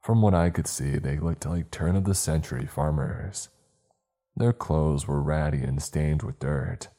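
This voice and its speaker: A man telling a scripted horror story in the first person in a measured, ominous way. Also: extremely low pitch, fairly even intonation, dark tone.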